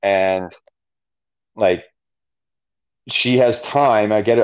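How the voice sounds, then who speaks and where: A man's voice: fairly low pitch, very slow, long pauses, smooth. A man with a Canadian accent, a podcast guest telling a story casually, full of fillers. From Alberta, Canada. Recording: dull lo-fi audio.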